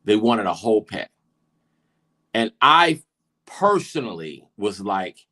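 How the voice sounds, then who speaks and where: A man co-hosting a podcast, telling an expressive comic story about family life. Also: fairly low pitch, slow pace, long pauses. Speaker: podcast co-host. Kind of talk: comedic storytelling.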